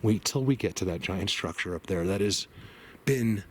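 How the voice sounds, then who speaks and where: Excitable man vlogging in the woods. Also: low voice, moderate pace, slight background noise. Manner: emotional, awed, rambling, drops to hushed tones. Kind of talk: excited outdoor vlog narration. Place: outdoors in snowy forest.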